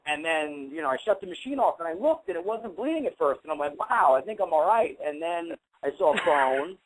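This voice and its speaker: A man with a somewhat high, expressive voice talks briskly as a co-host on a casual online talk show, rambling through long stories packed with fillers. The audio is low quality, an internet radio call with faint background noise.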